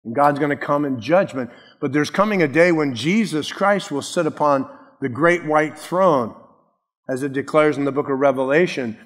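A pastor with a fairly high male voice delivers an earnest, emphatic sermon, asking his listeners pointed questions. His voice rings with a long reverb through the church hall. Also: normal speed. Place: church sanctuary.

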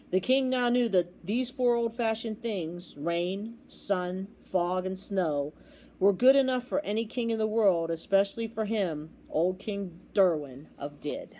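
Expressive woman reading a storybook aloud. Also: mid-range voice, a little hiss or hum. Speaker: storybook reader. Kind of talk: children's story read-aloud.

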